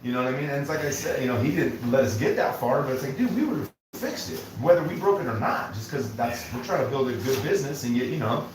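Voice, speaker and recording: A man's voice: mid-range voice, very animated, fast, hardly any pauses, slight background noise. A man telling rambling stories in casual chat as host while working on a bathroom job, saying dude often. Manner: rambling storytelling, says dude a lot. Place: bathroom under renovation. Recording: echoey room from far off.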